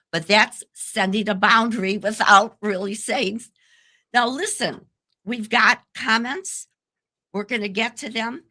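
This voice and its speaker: A woman with a bright, forceful voice hosts a live online talk show. She chats casually, moves to viewer comments and backs up her guest with quick affirmations. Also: medium pitch. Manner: encouraging, brief affirmations. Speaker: host.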